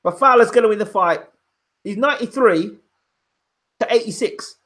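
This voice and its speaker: A man's voice: sits high, normal speed, a bit bright. Opinionated man giving fight commentary. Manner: opinionated, emphatic, repeats his points. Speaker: boxing pundit and channel host. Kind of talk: casual live fight commentary. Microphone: home microphone, audio only.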